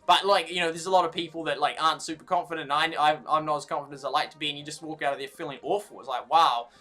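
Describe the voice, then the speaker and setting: Bright-voiced New Zealand man ranting. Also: a little high, fairly even intonation, racing, soft background music. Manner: rambling, many restarts, aggrieved. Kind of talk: casual ranting vlog.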